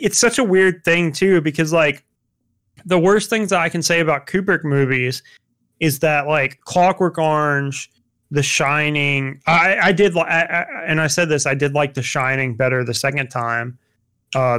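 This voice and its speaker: A man's voice: on the high side, fairly even intonation, normal speed, a bit bright. A young man chatting casually about films, rambling with lots of fillers and restarts.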